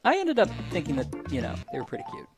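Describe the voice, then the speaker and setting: A man's voice: fairly high pitch, huge pitch swings, quick pace, vocal fry, music in the background. A man co-hosting a casual livestream, joking and playful as he chats. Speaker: stream co-host.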